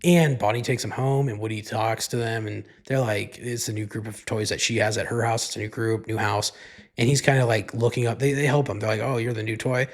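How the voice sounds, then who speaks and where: Talking fairly quickly with fairly even intonation, a man with a voice on the low side hosts a solo podcast. He rambles casually, swears and uses "like" in almost every sentence.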